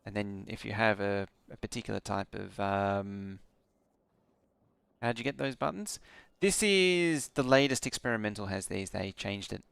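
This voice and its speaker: Gravelly, sleepy male streamer. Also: lowish voice, moderate pace, fairly bright tone, no room sound. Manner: rambling, with frequent ums. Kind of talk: casual gameplay stream commentary.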